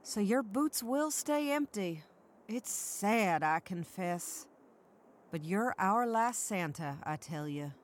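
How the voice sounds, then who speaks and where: A woman's voice: mid-range voice, animated, slow. A woman playing a shrewd, kindly small-town sheriff in an audio drama, with folksy country talk that teases and commands. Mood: firm.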